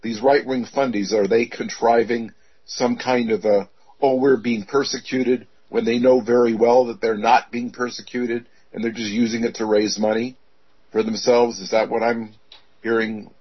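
A man speaking on a call-in radio show, halting and self-deprecating as he asks questions. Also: medium pitch, flat delivery, husky, highs cut off.

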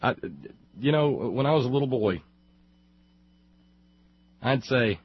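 A man's voice: mid-range voice, expressive, a little fast, husky, muffled recording. A male radio talk host giving angry, sarcastic political commentary, rambling with restarts.

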